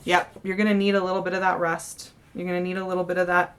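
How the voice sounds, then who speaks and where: A young woman talks through a tarot spread in a loose, chatty way, often restarting her sentences. Her voice sits a bit low for a woman. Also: monotone, fast, clean tone. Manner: chatty, warm-hearted, many fillers and restarts. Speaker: tarot reader. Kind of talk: casual monthly tarot reading.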